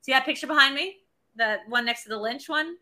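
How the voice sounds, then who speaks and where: A woman hosting a relaxed movie podcast. Her voice is bright and sits fairly high, and she talks in a loose, chatty way with plenty of fillers and restarts. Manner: chatty, filler-heavy, quick plugs. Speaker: podcast co-host. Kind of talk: casual chat.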